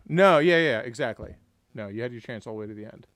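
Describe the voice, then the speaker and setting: A man's voice: medium pitch, animated, fast, a bit bright, no echo. A man hosting a livestream raffle, bantering casually, joking and laughing often and swearing now and then. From Tampa area. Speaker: livestream host.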